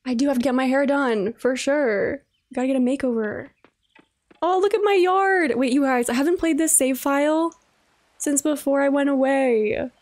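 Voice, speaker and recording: A woman's voice: high voice, steady tone, normal speed, a little mellow. A young woman streaming a game live, gushing and greeting her viewers one by one.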